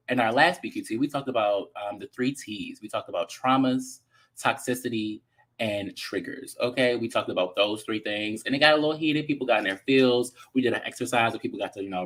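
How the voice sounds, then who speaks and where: A man with a Baltimore accent co-hosting a casual chat show, sassy and animated with playful slang. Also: mid-range voice, brisk. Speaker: co-host.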